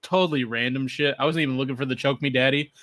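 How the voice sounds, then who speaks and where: A man's voice: medium pitch, fairly even intonation, fast talker, a bit bright, dry recording. A man co-hosting a live stream, chatting casually, cutting himself off and making dry jokes. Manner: mumbly, self-interrupting, dry jokes. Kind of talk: casual chat.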